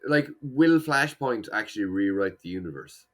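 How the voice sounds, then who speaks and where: A man's voice: fairly low pitch, lively intonation, normal speed, a bit bright. A man co-hosting a casual podcast chat, rambling and swearing freely as he restarts his sentences. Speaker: podcast co-host.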